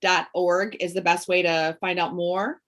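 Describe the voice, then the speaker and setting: A woman hosts a casual interview. She asks short questions and keeps her guest going with quick, encouraging affirmations. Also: lowish voice, flat delivery, a bit bright. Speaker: host, interviewer.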